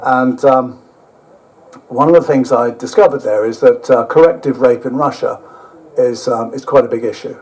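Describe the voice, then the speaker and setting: An older man giving a rambling travel talk with slides, halting often and dropping blunt, sweary asides. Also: medium pitch, a little mellow, low-quality recording. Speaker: guest speaker.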